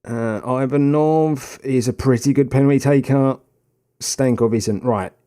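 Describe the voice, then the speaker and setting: A young man commentating on his own football management game, swinging from tactical muttering to excited shouts. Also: mid-range voice, unhurried. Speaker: gaming video host. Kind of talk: casual gameplay commentary.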